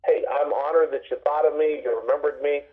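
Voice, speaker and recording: A man's voice: on the high side, fairly even intonation, brisk. Guy on a tinny phone line, rambling heartfelt sports broadcaster, lots of restarts. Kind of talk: phone-in interview storytelling.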